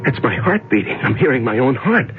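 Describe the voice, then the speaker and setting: A man playing a terrified prisoner in the dark. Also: medium pitch, sing-song, a little fast, lightly acted. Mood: whispering. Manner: stammering, panicky, whispering to himself. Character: frightened male prisoner locked in total darkness. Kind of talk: 1970s radio drama acting. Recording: muffled old radio broadcast with music.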